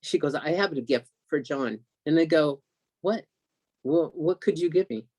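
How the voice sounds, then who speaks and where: A man telling an excited, emotional story as a guest on a video call, acting out what others said. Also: a little high, normal speed, dry recording. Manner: excited, emotional storyteller who acts out quotes.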